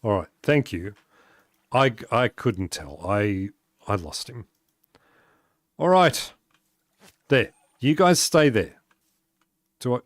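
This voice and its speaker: An Australian man talks easily through a live game stream, answering his chat and laughing a lot. His voice sits in a middle pitch. The sound is dry and close. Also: expressive, slow, pauses often, dry recording. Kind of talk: casual gaming stream chat.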